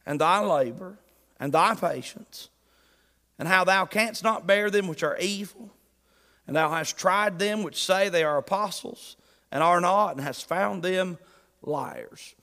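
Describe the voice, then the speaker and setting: A male pastor preaching with a high voice. He is folksy and joking, and builds to emphatic bursts. The sound rings out with the long reverb of a large hall. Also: measured pace, sharp tone. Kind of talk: sermon.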